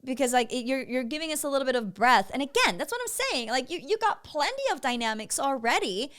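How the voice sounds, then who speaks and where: A woman's voice: high voice, animated, fast, a bit bright. A woman vocal coach giving feedback on a student's singing, breaking into short sung syllables to demonstrate. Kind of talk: vocal evaluation commentary.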